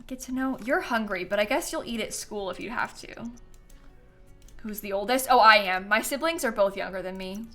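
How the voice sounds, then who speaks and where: Soft music plays behind a woman with a mid-range, slightly bright voice who speaks at a moderate pace. She's livestreaming a game, chatting casually, telling stories, and laughing often.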